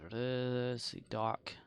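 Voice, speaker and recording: Gravelly-voiced man rambling on stream. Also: mid-range voice, a little hiss or hum. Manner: rambling, self-mocking, jokey asides. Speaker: game streamer. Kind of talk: casual live-stream chat while gaming.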